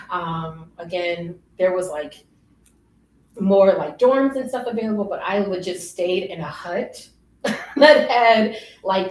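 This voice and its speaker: A young woman telling stories in a casual interview, lively and often laughing. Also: lowish voice. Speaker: interview guest. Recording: roomy, distant, faint noise.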